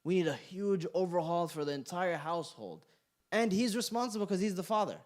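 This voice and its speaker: A man's voice: sits high, expressive, brisk. A young man teaching a class, talking casually and playfully, joking and throwing questions to the room. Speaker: class instructor. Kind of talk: interactive class talk. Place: community center classroom.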